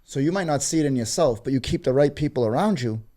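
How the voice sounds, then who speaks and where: Mellow-toned emphatic man. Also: medium pitch, lively intonation, fast. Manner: emphatic, swearing, speaks with conviction. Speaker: graffiti artist. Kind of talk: casual podcast talk.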